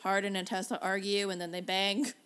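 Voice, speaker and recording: A young woman from Canada, co-hosting a casual podcast chat, sarcastic and animated, swearing freely. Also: mid-range voice, brisk, clean tone. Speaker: podcast co-host.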